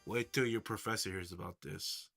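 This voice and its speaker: A man's voice: deep voice, fairly even intonation, moderate pace, gravelly, fairly bright tone. A young man chatting casually on a live stream, rambling and answering viewers' chat messages. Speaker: livestreamer. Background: faint background music.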